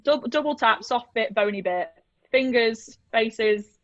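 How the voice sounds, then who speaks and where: A woman from the UK, an airsoft player and vlogger, joins a video call as a guest for a casual interview chat, talking in a self-deprecating way. Her fairly high voice moves slowly, and the recording is dry and muffled.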